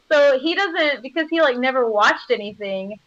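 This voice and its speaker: A bubbly woman with a fairly high voice, chatting casually in an interview. She laughs often and fills her speech with filler words. The recording sounds slightly muffled. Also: lively intonation, normal speed, a bit bright. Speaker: voice actor.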